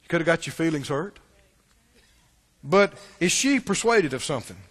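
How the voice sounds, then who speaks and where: A male preacher delivering an animated sermon and calling for answers from the congregation. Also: fairly high pitch, moderate pace. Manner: animated, calls for responses from the congregation. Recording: long church-hall reverb.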